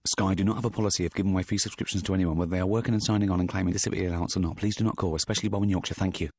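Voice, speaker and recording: A man doing a rapid, deep corporate announcer. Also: fairly even intonation, a little mellow. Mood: officious. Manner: rapid, formal disclaimer delivery. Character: brisk deep-voiced male corporate announcer.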